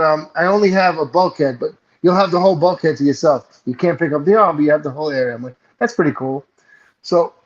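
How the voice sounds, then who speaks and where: A man's voice: a little high, lo-fi sound. A man on a remote call telling a rambling, profane comic story in casual chat, laughing at his own punchlines. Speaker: show regular telling a story.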